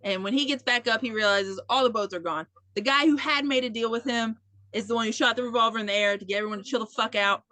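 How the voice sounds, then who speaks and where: High bright-voiced woman recapping a film. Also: fast talker, no room sound. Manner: animated storytelling, acting out quotes, swears freely. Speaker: podcast co-host. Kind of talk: casual movie recap chat.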